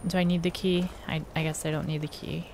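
A woman's voice: sits low, little pitch movement, brisk, a little mellow, a little hiss or hum. A woman giving casual game commentary at home, joking and impatient, talking back to the characters. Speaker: let's play gamer.

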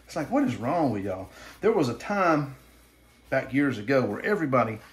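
A man's voice: medium pitch, big pitch swings, moderate pace. A middle-aged man from the American South, talking through a home cooking vlog in a folksy, rambling, self-deprecating way, first in his kitchen and then out at his grill. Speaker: cooking channel host.

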